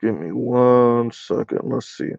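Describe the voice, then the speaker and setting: A man hosting a casual livestream, reading numbers aloud and answering his chat in a relaxed, chatty way. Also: mid-range voice, slow, creaky, no echo, muffled recording. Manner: casual, chatty, addresses listeners as y'all. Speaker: livestream host.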